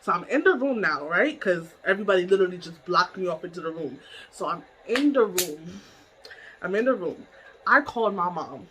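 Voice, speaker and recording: A woman telling a story in a casual vlog from her bedroom. She is animated, laughs often and swears freely. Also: lowish voice, moderate pace, crowd noise, low-quality recording.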